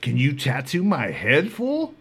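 A man voicing a menacing male prison gang leader who talks low and slow. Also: wildly swooping pitch, a bit bright, husky, heavily acted. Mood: flat menace.

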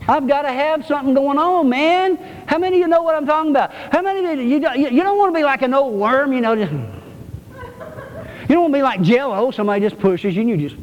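A man's voice: extremely high pitch, fast, muffled recording, a little hiss or hum. A male pastor preaching a sermon to his congregation, emphatic and repetitive. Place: church. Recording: reverberant church hall.

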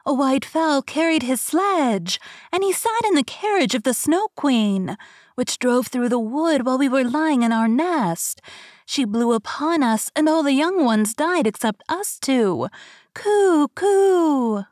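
A woman voicing a small caged wood pigeon in a storybook, with a high, slow, cooing sing-song delivery. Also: lively intonation, darkish tone, no room sound, clean studio sound. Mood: eerie.

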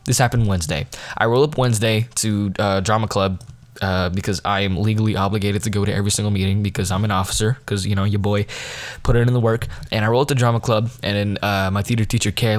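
A man's voice: on the low side, steady tone, quick pace, dry recording. A teenage boy hosting his own podcast, rambling and self-deprecating, often losing his train of thought. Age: teens. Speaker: podcast host. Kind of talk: casual podcast monologue.

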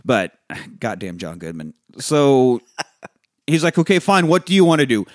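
A man in casual podcast chat, recapping a film with lots of energy and cursing as he goes. He acts out the characters' lines in quick bursts. His voice sits in a middle range and sounds close and dry, with no room around it. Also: medium pitch, no room sound. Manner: animated, acts out characters' lines while retelling, swears a lot. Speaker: podcast co-host.

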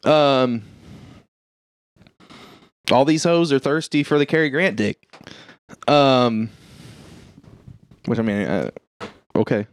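A man retelling a film plot in loose, profane chat on a podcast. His pitch sits in an ordinary middle range and he rambles with jokes and fillers. The sound is dry and close. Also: slow pace, pauses often, no room sound. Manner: rambling, profane, jokey storytelling. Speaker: podcast co-host. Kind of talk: casual movie recap chat.

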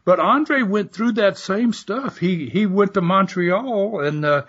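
Older Southern guest, folksy storyteller, husky, lively pitch, muffled lo-fi sound. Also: male voice, slow pace. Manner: folksy, animated storyteller who swears mildly. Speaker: guest, former wrestler and promoter. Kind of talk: casual storytelling interview. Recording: muffled lo-fi audio.

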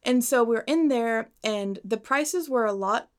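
Animated young woman telling a story. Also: a little high, measured pace. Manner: animated, swears, acts out quotes. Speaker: podcast co-host. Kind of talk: casual storytelling chat.

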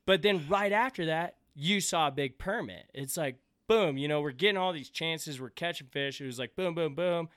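A man hosting a podcast, chatting casually, telling stories with lots of swearing and acting out quotes in a higher voice. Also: moderate pace, few pauses, smooth, no echo, studio quality. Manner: animated storyteller, swears freely, acts out quotes in a higher voice. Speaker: podcast host. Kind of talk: casual chat.

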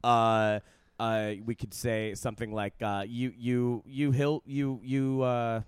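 A man's voice: mid-range voice, level tone, slow, clean tone, no echo, clean studio sound. A young man co-hosting a podcast, chatting casually and teasing his co-host with rambling, filler-filled jokes. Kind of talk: casual chat.

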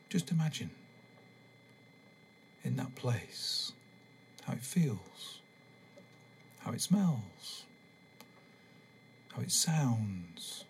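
A man putting on the slow, breathy voice of a soothing relaxation-tape guide in a whispered role-play. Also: medium pitch, darkish tone, slight background noise, pitched above the performer's own voice, full character voice.

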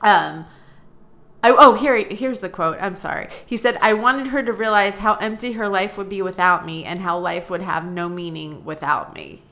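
A woman co-hosts a loose comedy chat and tells a story with lively, mocking commentary. She curses without a second thought, and her pitch sits right in the middle of the range. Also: normal speed, gravelly. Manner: animated, mocking, swears freely. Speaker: podcast co-host.

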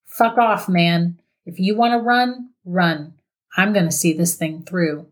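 A gruff, stubborn young man who swears freely and refuses to budge, as a woman narrator puts him on. The voice is low-set and unhurried, slowed down and heavy, like a character in a read-aloud horror tale. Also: steady tone. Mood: defiant. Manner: gruff, cursing.

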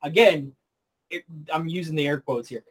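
A man reviewing a movie in casual chat, animated and quick to agree and laugh. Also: on the high side, breathy edge.

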